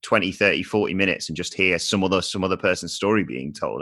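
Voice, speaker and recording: A man's voice: sits low, normal speed, fairly bright tone. A man playing on a tabletop podcast, chatting casually, enthusiastic and rambling.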